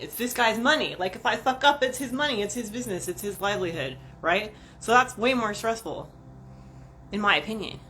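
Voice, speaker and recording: A woman's voice: mid-range voice, fairly bright tone, a little hiss or hum. A woman vlogger chatting casually and profanely on a livestream, rambling and talking to viewers like friends.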